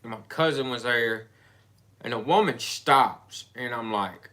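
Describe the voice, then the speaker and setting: A man telling a personal story in casual chat, rambling and halting with frequent restarts. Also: mid-range voice, sharp tone.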